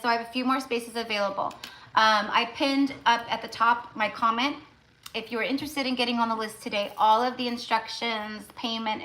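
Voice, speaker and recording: A woman hosts a tarot live stream in a casual, chatty way. She repeats herself for emphasis and fills her talk with "like" and "you know". Her voice is bright and forceful and sits a little high. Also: low-quality recording.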